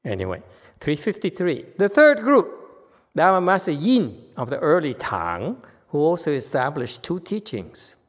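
A man's voice: a little high, wildly swooping pitch, measured pace. A man giving an informal lecture on a sutra, chatty and teasing, often checking in with "okay?". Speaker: Buddhist teacher lecturing on a sutra. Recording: long hall reverb.

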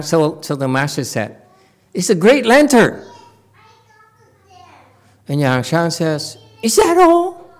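Woman teaching chan stories, slow talker, voice jumps all over, laughs a lot. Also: sits low. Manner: animated, laughing, asks audience often. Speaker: Buddhist teacher. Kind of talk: dharma talk on Chan stories.

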